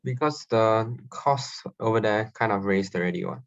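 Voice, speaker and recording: A man's voice: fairly low pitch, moderate pace, creaky. A young man, a student, answering questions in class hesitantly and with fillers. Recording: dull lo-fi sound.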